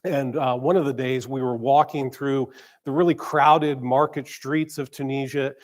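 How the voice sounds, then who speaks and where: A man, a church pastor, preaching conversationally with stumbles and repeated words, slowing down to stress key phrases. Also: mid-range voice, fairly even intonation. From grew up in a small town. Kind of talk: sermon. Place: church sanctuary.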